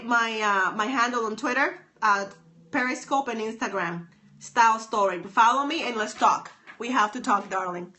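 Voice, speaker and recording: A stylist and author hosts a live stream from her phone, chatting upbeat with viewers by name and repeating herself a lot. Her voice sits on the high side and has a sharp tone.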